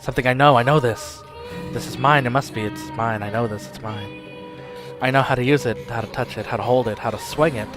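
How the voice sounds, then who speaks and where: A man's voice: mid-range voice, fairly quick, music in the background, close to an everyday voice. A man voicing a tormented man who has become a beast, frantic and stammering. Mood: brooding. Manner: frantic, stammering, breaking into shouts. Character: tormented man turned beast, desperate and unhinged.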